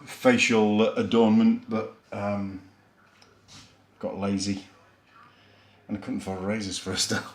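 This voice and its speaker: A man's voice: fairly low pitch, little pitch movement, takes it slowly, pauses often. A man with a Yorkshire accent giving a chatty, rambling, self-deprecating beer review on his vlog, with plenty of fillers. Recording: echoey room.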